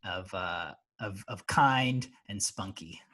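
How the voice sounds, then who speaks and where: A man's voice: low voice, slow pace, bright, forceful tone. A man hosting a casual podcast interview, laughing often and restarting his sentences. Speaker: podcast host.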